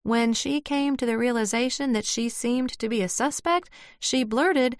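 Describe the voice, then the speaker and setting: A woman narrating a first-person story in a measured, scripted audiobook style. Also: a little high, clear, resonant tone, no room sound, studio quality.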